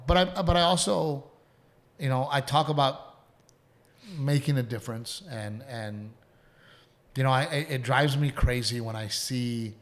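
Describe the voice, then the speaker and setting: Middle-aged man telling stories casually. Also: mid-range voice. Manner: storytelling, frequent restarts, drops to a hushed voice for emotional parts. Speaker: podcast host. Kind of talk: casual chat.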